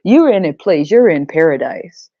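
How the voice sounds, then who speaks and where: A woman's voice: deep voice, big pitch swings, moderate pace, no room sound, muffled recording. A woman hosting a podcast, ranting bluntly with a lot of profanity. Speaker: podcast host.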